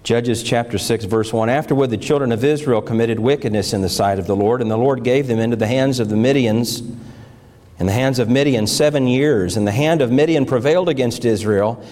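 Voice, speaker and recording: Brisk and medium-pitched, with a touch of mellowness, the middle-aged pastor reads from scripture and tells how his morning went. His preaching swells with emotion and fervor.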